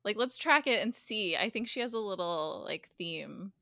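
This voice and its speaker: A woman's voice: medium pitch, normal speed, gravelly, dry recording, clean studio sound. A woman co-hosting a podcast, animatedly recapping a TV episode in casual chat, laughing and swearing freely. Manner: animated storyteller, acts out characters' lines, laughs often, swears casually. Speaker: guest co-host recapping a TV episode.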